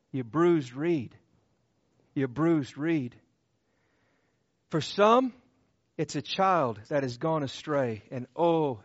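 A man preaches in an unhurried, deliberate rhythm, his voice sitting a touch high for a man. He swings between loud emphatic cries and hushed tender passages, hammering short repeated phrases. The sound is dry and somewhat dull, with little room around it. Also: no room sound. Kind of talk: sermon.

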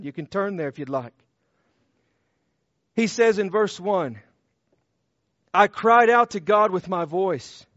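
A high-pitched male preacher delivers an impassioned sermon, repeating scripture lines in a rhythmic cadence. His voice rises to loud proclamations and drops to hushed low tones. The recording is dry and close, with a dull, muffled sound. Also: no echo. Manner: quotes scripture with rhythmic repetition.

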